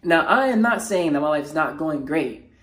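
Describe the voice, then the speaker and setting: A man who works as a mental health motivational speaker talks off the cuff in his personal vlog while feeling down. He stumbles along raw and emotional, with lots of slangy fillers and false starts, yet his voice is animated and slightly bright.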